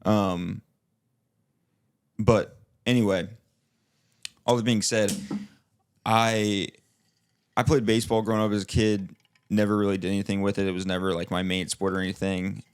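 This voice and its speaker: A young man co-hosting a podcast chats casually, rambling with plenty of filler "likes" and restarts and laughing often. His voice sits on the low side and stays fairly flat in pitch, smooth, at a moderate pace with frequent pauses.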